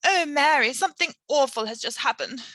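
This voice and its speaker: Posh high-pitched old Queen, as a woman puts her on. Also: lively intonation, a little fast, pushed and bright, no echo. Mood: distressed. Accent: posh British. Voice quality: posh, plummy. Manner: anguished, pleading cries. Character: posh elderly Queen, distressed by a nightmare. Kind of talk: storybook read-aloud.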